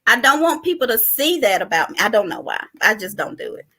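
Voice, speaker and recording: Bright-voiced woman hosting a recap chat. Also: on the high side, very animated, a little fast, husky. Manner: chatty, addresses listeners as y'all. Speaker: podcast host. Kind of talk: casual chat.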